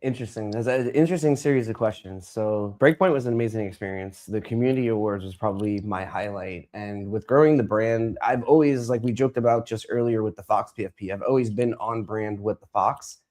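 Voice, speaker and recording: A man who is a streamer, talking as a guest in a casual interview and telling stories in an animated way. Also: on the low side, brisk, hardly any pauses. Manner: animated storyteller, acts out dialogue.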